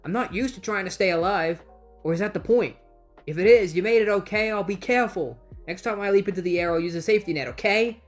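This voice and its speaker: A narrator voicing a panicky resurrected male hero, talking high and pleading. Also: fast, faint music behind, close to an everyday voice.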